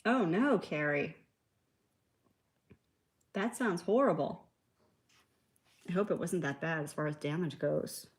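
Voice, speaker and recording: A woman's voice: low-pitched, slow, pauses often. Chatty woman hosting a live nail tutorial. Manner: chatty, reads viewer comments, laughs easily. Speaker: nail art livestream host. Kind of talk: casual live tutorial chat.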